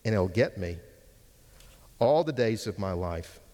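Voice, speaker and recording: A man teaching Hebrew from the pulpit, preaching slowly and emphatically, repeating words for stress. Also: on the low side, expressive, dark tone. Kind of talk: sermon with Bible exposition. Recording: long hall reverb.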